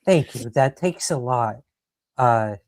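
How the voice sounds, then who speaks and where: Man hosting a livestream, earnest and moved, talks slow, dry close sound. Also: medium pitch, animated, a little mellow, no room sound. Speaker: host. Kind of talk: livestream conversation.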